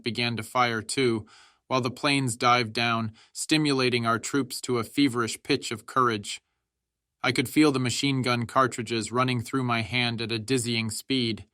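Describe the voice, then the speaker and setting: Male narrator, bright and forceful tone, dry close-mic sound, dramatic audiobook reading. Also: no room sound. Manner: shouts quoted soldiers' lines with raised pitch.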